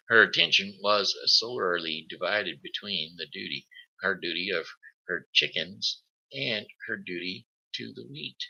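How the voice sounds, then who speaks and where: A man reading a children's story aloud on his live show, halting, with slips and restarts. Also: low-pitched, vocal fry, sharp tone, lo-fi sound. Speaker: host.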